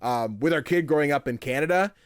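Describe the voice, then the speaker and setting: A man's voice: fairly high pitch, a little fast, clean tone, no room sound, studio quality. A young man chatting casually and self-deprecatingly as he streams a story game. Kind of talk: casual gameplay commentary.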